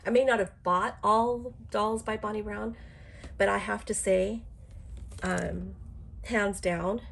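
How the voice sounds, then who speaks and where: A woman's voice: medium pitch, fairly even intonation, slow pace, gravelly. A middle-aged woman with a cold, chatting on a live stream in a rambling way full of fillers and restarts, sounding congested. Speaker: doll collector streaming live. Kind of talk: casual live-stream chat.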